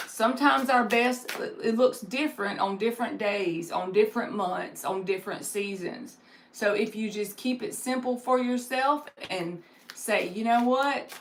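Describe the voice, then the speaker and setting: A woman's voice: mid-range voice, a little slow, a little hiss or hum. A woman hosting a live tarot stream, chatting casually and giving encouraging spiritual advice with plenty of fillers.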